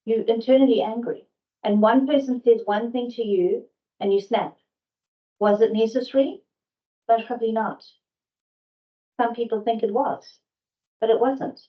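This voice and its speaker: A woman's voice: on the high side, steady tone, normal speed, long pauses. A middle-aged woman, a sales trainer, gives a training session in an earnest, candid way and poses rhetorical questions, in a dull lo-fi recording.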